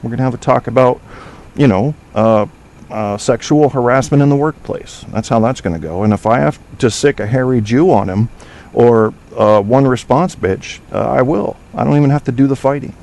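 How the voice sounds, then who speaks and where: A man's voice: medium pitch, normal speed, gravelly, darkish tone. A man hosting a casual talk show from his studio, rambling through provocative, joking banter with plenty of fillers. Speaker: podcast host. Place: home studio.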